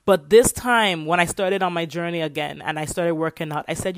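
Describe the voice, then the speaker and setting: Animated woman hosting a motivational podcast. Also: fairly low pitch, a little fast, few pauses, dry recording, studio quality. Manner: animated storytelling, repeats words. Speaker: podcast host.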